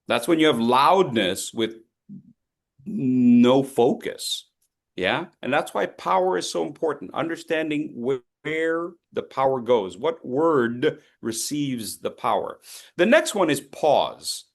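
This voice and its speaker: A man leading an online public speaking workshop, coaching participants and swinging between loud and soft to demonstrate. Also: medium pitch, very animated, slow pace.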